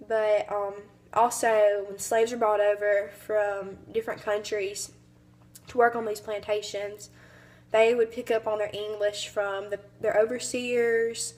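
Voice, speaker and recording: A woman's voice: mid-range voice, darkish tone. A young woman with a Southern US accent gives an informative class speech, hesitant and full of fillers. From American South. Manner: hesitant, many fillers, mimics accents briefly. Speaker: student giving a speech.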